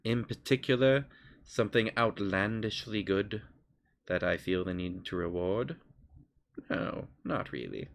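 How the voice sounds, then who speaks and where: A man's voice: fairly low pitch, animated, unhurried. A man voicing an aloof, condescending patron spirit living in an object, speaking dry and curt.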